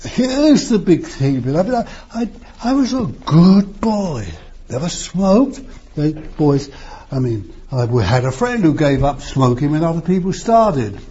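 Older preacher, lively pitch, husky. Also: male voice, a little slow. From East End of London. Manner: emphatic, rhetorical questions, wide swings in pitch. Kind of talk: sermon. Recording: muffled lo-fi sermon recording.

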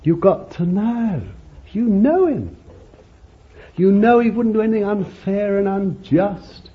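A man's voice: high voice, lively intonation, slow pace. A man preaching a sermon in a folksy, conversational way, often adding "you see" as an aside. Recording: muffled lo-fi recording with faint hiss.

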